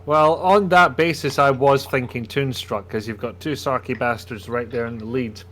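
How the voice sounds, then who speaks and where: A man's voice: medium pitch, fairly even intonation, moderate pace, a bit bright. A man on a casual panel chat, dry and sarcastic. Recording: crowd noise behind the voice.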